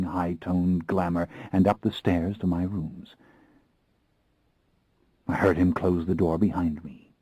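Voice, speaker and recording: A man's voice: low voice, warm tone, breathy edge, dry recording, rough recording. A man narrating an audiobook in the first person, with an intense, brooding reading into a close studio mic.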